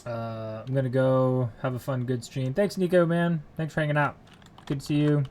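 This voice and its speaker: A man's voice: mid-range voice, fairly even intonation, normal speed, a little mellow, a little hiss or hum. A man on a casual live stream, muttering code aloud to himself while he works and chatting with viewers from a home computer room.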